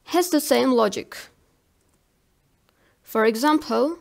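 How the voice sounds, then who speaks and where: A woman teaching a language lesson, saying each example word slowly and carefully, often twice. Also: sits high, animated. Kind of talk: slow scripted language lesson.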